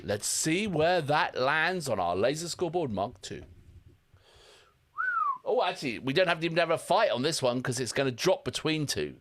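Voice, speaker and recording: A man with an English accent co-hosting a music reaction show, chatting and joking in a casual, animated way. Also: a little high, moderate pace, noisy background. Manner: animated, self-deprecating, chatty. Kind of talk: casual banter.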